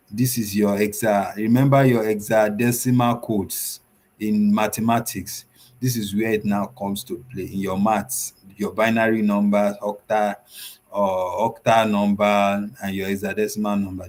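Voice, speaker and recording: A man's voice: fairly low pitch, vocal fry, a little mellow, slight background noise. A man teaching web design in a screen-share tutorial, walking through the steps one by one, repeating himself and using many fillers.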